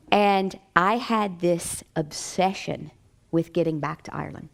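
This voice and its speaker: An American woman, a chiropractic doctor, telling a personal story in a lively way with frequent laughter. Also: fairly low pitch, measured pace, gravelly.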